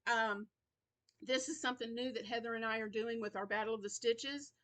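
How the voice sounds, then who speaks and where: A middle-aged woman talks to her viewers in an easy, rambling way, her slightly higher voice carrying a worn-out tiredness. She chats on about her days as host of her own crochet channel. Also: fairly even intonation, a little fast, a bit bright. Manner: chatty, rambling, yawns and laughs between thoughts. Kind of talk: casual chat.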